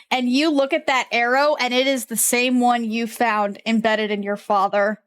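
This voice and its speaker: A woman's voice: a little high, steady tone, moderate pace, few pauses, clean tone. A young woman running a tabletop game, thinking aloud while she checks the rules. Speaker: game master.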